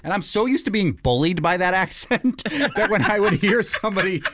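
A man's voice: high-pitched, lively intonation, brisk, fairly bright tone, slight background noise. A man with a Boston accent hosting a radio talk show, chatty, joking and a bit rambling. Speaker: radio host.

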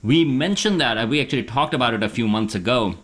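A man's voice: mid-range voice, lively intonation, quick pace, a bit bright. A man from Pakistan, an astronomer guest, talking casually in a radio interview with many fillers and restarts. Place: home kitchen table.

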